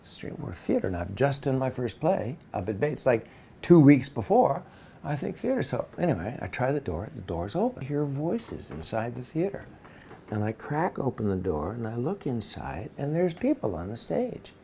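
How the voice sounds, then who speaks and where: A man recounts a personal memory in an animated, expressive way. His pitch moves a lot and his voice has a gravelly texture. A faint noise sits under the recording. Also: moderate pace. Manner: animated, acts out quoted voices. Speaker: interviewee telling a personal story. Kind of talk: casual storytelling.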